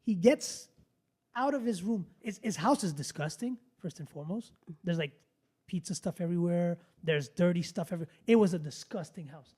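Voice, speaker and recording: A man, hosting a podcast and telling a story in a casual, animated, blunt way, swearing freely and restarting sentences. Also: high-pitched, normal speed, breathy edge. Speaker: podcast host.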